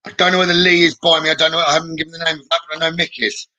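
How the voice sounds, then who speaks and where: Bright-voiced male psychic, reassuring. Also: a little high, flat delivery, low-quality recording. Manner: gentle, reassuring, frequent "okay?" checks; hesitant, with many "um" pauses. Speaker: psychic medium. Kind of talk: live-stream psychic reading.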